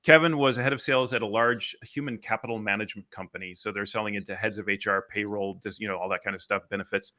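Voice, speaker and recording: A man guest on a business podcast, telling a sales story in an animated way and acting out the quotes. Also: lowish voice, fast, hardly any pauses. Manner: animated, acts out quotes, rants.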